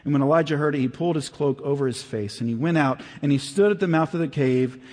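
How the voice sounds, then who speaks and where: A man preaching a sermon as pastor, conversational and animated, dropping to a hush at times. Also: fairly high pitch, fast talker. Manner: conversational, swings between animated and hushed. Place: church sanctuary. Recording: reverberant hall.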